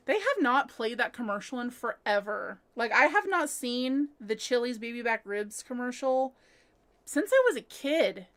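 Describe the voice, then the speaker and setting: A woman's voice: a little high, animated, moderate pace, a bit bright. A young adult woman hosting a home crafting livestream, chatting casually as she reads viewer comments and laughing often. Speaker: crochet livestream host.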